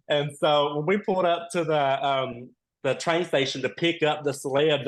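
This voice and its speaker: A reality show contestant guesting on a podcast chats casually in a voice on the high side, talking fairly quickly and animatedly acting out the dialogue of his stories. A crowd can be heard in the background.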